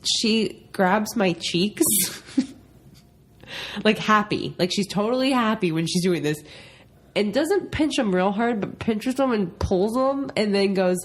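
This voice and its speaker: A woman's voice: medium pitch, expressive, slow. A young woman co-hosting a casual podcast, laughing often as she tells stories. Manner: giggly, laughs often while telling stories. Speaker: podcast co-host. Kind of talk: casual chat.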